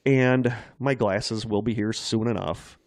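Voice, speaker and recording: Low-voiced rambling male podcast host. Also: fairly even intonation, slow pace, darkish tone, dry recording, studio quality. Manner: self-deprecating, rambling storyteller. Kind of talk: casual chat.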